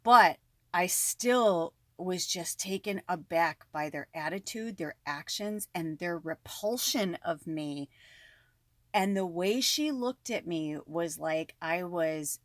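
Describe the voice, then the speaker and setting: Animated swearing woman, dry close sound. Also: fairly low pitch, slow pace, dry recording. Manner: animated, swears freely, lots of fillers. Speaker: spiritual medium. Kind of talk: casual storytelling to viewers.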